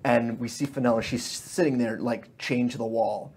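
Husky man narrating a tabletop game. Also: medium pitch, steady tone, normal speed, darkish tone. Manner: cinematic scene narration with many fillers. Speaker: game master.

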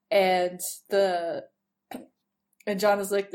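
A woman's voice: medium pitch, moderate pace. A woman co-hosts a podcast and recaps an episode in casual chat. She is enthusiastic and chatty and laughs often. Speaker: podcast co-host.

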